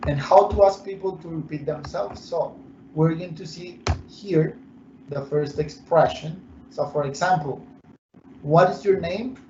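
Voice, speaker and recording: A man's voice: on the high side, mellow, a little hiss or hum. Male English teacher, echoey. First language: Spanish. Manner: explains slowly, switching between English and Spanish. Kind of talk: bilingual online English lesson. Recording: echoey muffled room recording.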